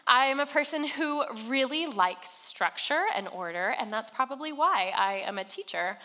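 A young woman with a bright, fairly high voice delivers a chatty, storytelling sermon full of casual fillers. Her voice rings with the long reverb of a large church hall. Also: lively intonation, normal speed. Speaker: speaker giving a sermon. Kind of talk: conversational sermon.

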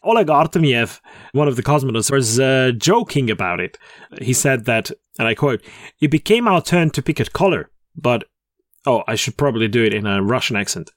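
A man co-hosting a podcast in chatty, joking talk. He laughs at his own puns and restarts his sentences now and then. His voice sits in a middle pitch and sounds dry and close. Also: sing-song, brisk, no room sound. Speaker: podcast co-host. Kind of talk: casual chat.

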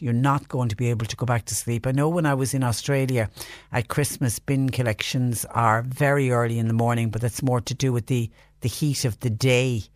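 A man's voice: medium pitch, dry recording. A man with an Irish accent hosting a local radio phone-in, chatting through listener texts and reading community notices. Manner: conversational, reads texts and notices aloud. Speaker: radio host. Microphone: studio microphone.

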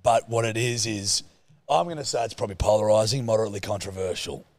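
Young Australian male co-host, gravelly, dry close mic, cheeky storyteller. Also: fairly low pitch, quick pace, no room sound. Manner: laughing storyteller, swears freely. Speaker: podcast co-host. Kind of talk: casual chat.

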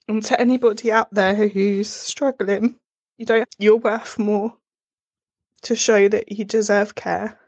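Slow, earnest woman with a husky voice. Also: medium pitch, darkish tone, no room sound. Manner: earnest, emotional, slow and heartfelt. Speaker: listener sending a message. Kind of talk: heartfelt voice message.

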